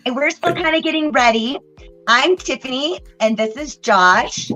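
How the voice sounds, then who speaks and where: A woman's voice: high voice, expressive, moderate pace, pushed and bright. A woman with a Texan accent hosting a casual livestream reading, chatty and greeting viewers by name. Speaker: host and card reader. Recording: dull lo-fi livestream audio with faint music.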